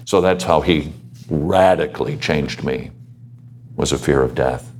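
A man's voice: extremely low pitch, unhurried, a little mellow, a little hiss or hum. A man giving earnest pastoral advice to students, asking his listeners questions and telling his own story. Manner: earnest, exhorting, asks the audience questions. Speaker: panel speaker.

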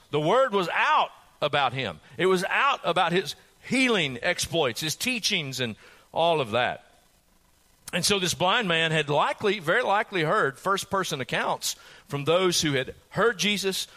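A man's voice: a little high, pushed and bright. A male pastor preaching a sermon, retelling a story dramatically and putting rhetorical questions to his listeners.

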